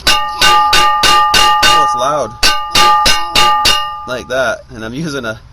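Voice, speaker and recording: A man's voice: mid-range voice, takes it slowly. Rambling DIY mechanic man, outdoors. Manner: relaxed, rambling, full of ums and uhs while working. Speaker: DIY mechanic showing truck repairs. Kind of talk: casual how-to demonstration. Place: outdoors beside a truck, away from the house. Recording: noisy outdoor recording.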